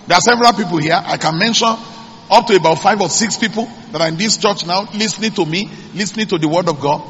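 A man's voice: high voice, quick pace, fairly bright tone, breathy edge. A man, preaching a sermon as pastor and calling out to the congregation. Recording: echoey church hall.

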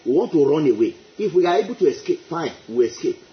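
Male preacher, high animated voice, emphatic repeats, echoey lo-fi recording. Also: fast. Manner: emphatic, repeats phrases, exclaims praise. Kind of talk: sermon. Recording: echoey, dull lo-fi.

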